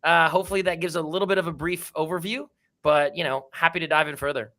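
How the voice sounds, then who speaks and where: Man, livestream guest, enthusiastic, slangy, upbeat, bright voice, fairly high pitch. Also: steady tone, quick pace. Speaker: guest, project founder. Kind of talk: casual livestream chat.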